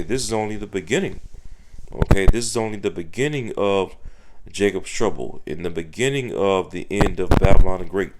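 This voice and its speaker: A man's voice: sits low, a little mellow. A man preaching a sermon, reading scripture aloud and stressing his points with frequent "okay" and "you know" fillers.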